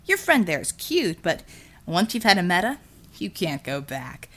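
A woman's voice: on the low side, big pitch swings, moderate pace, a bit bright. A woman voicing a cocky, scheming male superhero who talks with brash, teasing salesman patter. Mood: smooth salesman.

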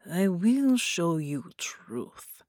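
Woman voicing a menacing male captor, slow, hushed whisper, husky, dry close sound. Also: low-pitched, big pitch swings, no echo, heavily acted.

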